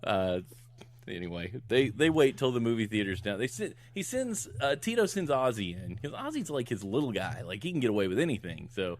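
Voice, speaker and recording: A fairly low, sing-song male voice moves a little fast as a middle-aged co-host recaps a movie on a podcast. It's a casual chat, full of laughter and his renditions of the characters' lines.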